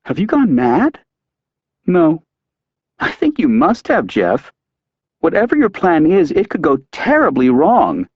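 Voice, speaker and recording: A man's voice: on the high side, huge pitch swings, measured pace, pauses often, breathy edge, no echo, dull audio, pitched above the performer's own voice, heavily acted. A man reading an audiobook, voicing an anxious, guilty woman who pleads in a shaky, raised voice. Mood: alarmed.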